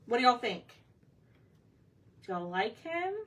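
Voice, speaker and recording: A woman's voice: a little high, sing-song, measured pace, recorded from a distance. A woman hosting a live craft stream, chatting casually and greeting viewers by name as she paints. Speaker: craft livestream host. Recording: faint room noise, somewhat off-mic.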